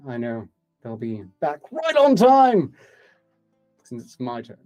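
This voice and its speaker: A man's voice: medium pitch, huge pitch swings, slow, mellow, soft background music. A man co-hosting a comedy livestream, rambling in a dry, mock-grand manner. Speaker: co-host. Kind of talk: live comedy stream.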